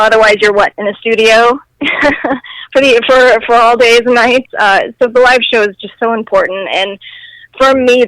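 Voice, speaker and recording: A woman's voice: fairly high pitch, fairly bright tone, no echo. A young woman, a singer, talking casually over a phone line as an interview guest, upbeat and articulate. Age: young adult.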